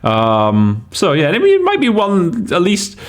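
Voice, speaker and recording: A man hosting a podcast that teaches interpreting offers casual explanatory commentary, thinking aloud as he weighs English word choices, with many fillers and restarts. His voice is high, with wildly swooping pitch, and he takes it slowly.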